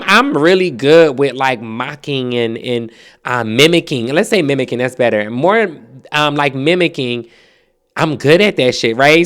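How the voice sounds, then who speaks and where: A man from New Jersey with a Jersey accent, hosting a podcast as a casual storytelling monologue, animated and profane, laughing often and slipping into mimicked accents. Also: a little high, smooth. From Trenton, New Jersey. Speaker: podcast host.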